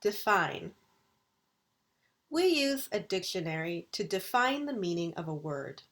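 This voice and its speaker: A woman university English lecturer recording a video lesson, enunciating vocabulary words slowly and deliberately. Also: medium pitch, big pitch swings, fairly bright tone.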